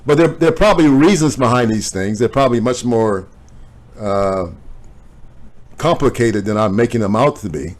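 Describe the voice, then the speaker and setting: A man on a video call, talking in a reflective, measured way. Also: medium pitch, expressive. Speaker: family member. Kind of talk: casual family chat.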